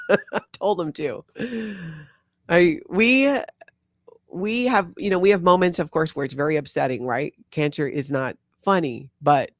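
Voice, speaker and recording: A woman's voice: low voice, no room sound, studio quality. A woman from Hawaii with a Hawaiian accent touched by Minnesota, chatting casually with viewers on a livestream and laughing often. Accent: Hawaiian with a slight Minnesotan tinge. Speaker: host reading live chat.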